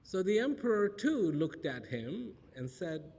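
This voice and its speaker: A man's voice: sits high, very animated, measured pace, darkish tone. A man giving a storytelling public talk, asking rhetorical questions and repeating phrases for emphasis. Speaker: spiritual speaker. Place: large auditorium. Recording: long reverb of a large hall.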